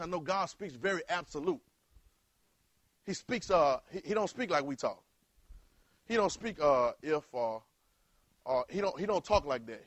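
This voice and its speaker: A male preacher, delivering a sermon in call-and-response style that rises to loud exhortation. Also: sits high, no echo.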